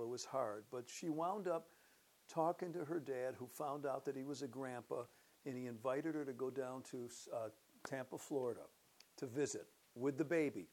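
A man's voice: mid-range voice, slight background noise. Older man, pastor telling his testimony. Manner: relaxed conversational, warming into animated storytelling. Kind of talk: church announcement and personal testimony.

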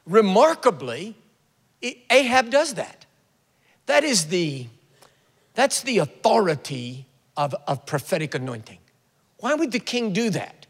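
Male preacher, high voice, lively storyteller, big echoing hall. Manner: animated storytelling, acts out the prophet's taunts with sudden loud bursts. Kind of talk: sermon.

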